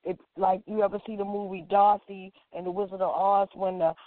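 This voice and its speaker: A woman's voice: medium pitch, a little fast. Woman telling a story over a tinny line. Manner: animated, acts out quoted dialogue, frequent "like". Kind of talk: personal story told casually. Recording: dry, tinny phone-like sound.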